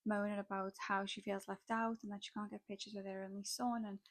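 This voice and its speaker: A young woman spills a wild story in a dramatic, gossipy chat, peppered with "like". Her voice sits at an ordinary middle pitch, and the sound is close and dry with no room around it. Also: flat delivery, fast talker, no room sound. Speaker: makeup artist vlogger.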